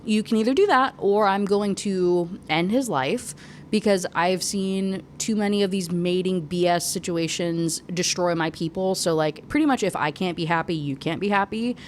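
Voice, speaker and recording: A woman's voice: on the low side, moderate pace, slight background noise, close to an everyday voice. A woman voicing a hostile male gargoyle, with blunt, casual phrasing. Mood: bitter.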